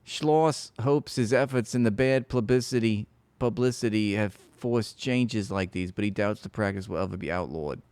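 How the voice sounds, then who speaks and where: A man's voice: on the low side, moderate pace, darkish tone, clear, resonant tone, dry recording. A man streaming, reading an article aloud with sarcastic, mocking running commentary. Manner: sarcastic, mocking, frequent laughs.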